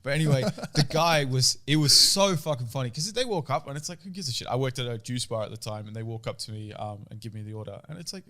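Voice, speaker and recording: A man's voice: mid-range voice, fast, hardly any pauses. A young man, co-hosting a podcast, telling crude stories with lots of swearing. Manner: crude, animated storytelling with heavy swearing. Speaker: podcast co-host. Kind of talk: casual chat.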